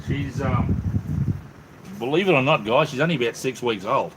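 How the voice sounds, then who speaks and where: In a noisy home workshop, a laid-back Australian man runs a casual live chat, addressing everyone as mate. His voice is mid-range and his speed normal.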